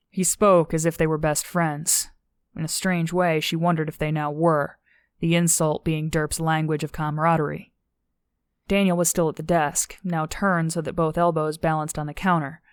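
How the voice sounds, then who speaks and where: A woman narrating an audiobook in a steady, measured way. Her voice is low. The recording is dry and close, with no room sound. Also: no echo.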